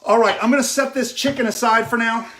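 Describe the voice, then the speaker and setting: A man's voice: very high voice, steady tone, fast talker, roomy sound, background noise. A man hosting a casual live cooking demo in his kitchen, chatting with viewers and often checking in with "okay?". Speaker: chef hosting a cooking stream. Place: home kitchen.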